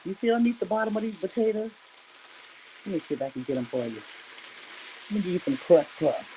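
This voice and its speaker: A woman's voice: lowish voice, animated, fast, mellow, recorded from a distance, a little hiss or hum, poor audio. Chatty woman cooking live, mic set back. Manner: chatty, talks straight to viewers, frequent asides. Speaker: home cook livestream host. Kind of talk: casual cooking livestream. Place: home kitchen.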